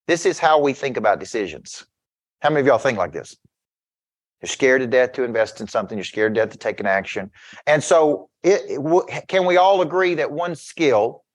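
Intense man coaching a crowd. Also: medium pitch. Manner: intense, keeps checking in with listeners. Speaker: business coach. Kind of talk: motivational talk to an audience.

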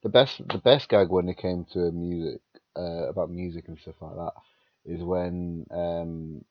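Tired, sweary British man, deep voice. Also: fairly even intonation, measured pace, no echo, muffled recording. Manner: rambling, sweary anecdotes with many restarts. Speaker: podcast co-host. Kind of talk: casual chat.

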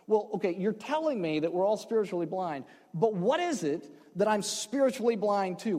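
A man preaching in a church sanctuary with a high-pitched voice, his words trailing into a long hall reverb. He talks conversationally, tossing in asides and jokes, then drops to a hush and slows down for emphasis. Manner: swings between loud emphasis and hushed, slowed phrases. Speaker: pastor. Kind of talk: sermon.

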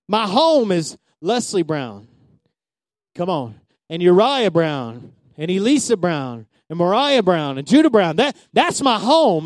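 A man preaching a sermon with a strikingly high voice. His pitch rises and falls a great deal as he moves from loud calls to hushed asides. The sound is close and dry. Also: no echo. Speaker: pastor.

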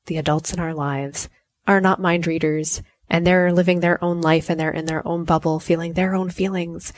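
Low-voiced woman podcast host in her forties. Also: no room sound. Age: 40s. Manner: warm storytelling, acts out dialogue. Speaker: podcast host and life coach. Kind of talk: solo podcast talk.

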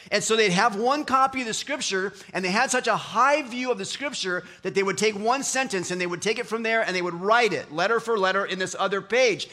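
A man's voice: very high-pitched, bright, forceful tone. A man preaching a sermon in a conversational, playful way, voicing quotes and asides. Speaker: pastor.

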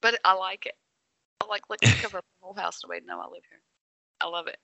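A woman's voice: mid-range voice, huge pitch swings, quick pace, pushed and bright, dry recording. A woman in her thirties co-hosting a casual chat, playful and teasing, laughing often.

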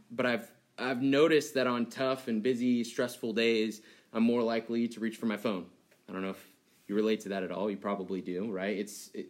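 Casual, animated young male pastor. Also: medium pitch. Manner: conversational and animated, acting out childhood dialogue with laughs. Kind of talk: sermon.

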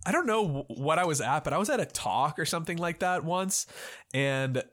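A man's voice: a little high, sing-song, a little fast, fairly bright tone. A man acting as game master on a podcast, narrating a casual improvised story with a loose, playful delivery. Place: podcast studio.

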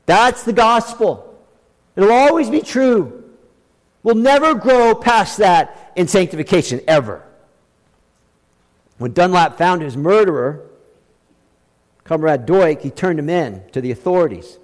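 A middle-aged man preaches a sermon, driving his points home by repeating phrases and moving between hushed lines and raised ones. His voice sits high for a man. The church sanctuary around him rings with a long reverb tail. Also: expressive, a little slow, long pauses. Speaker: pastor.

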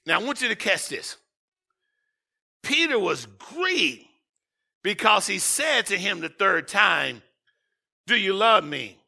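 A man preaching a sermon as pastor, swinging between shouted lines and quiet asides. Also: sits high, very animated, takes it slowly, vocal fry, pauses often.

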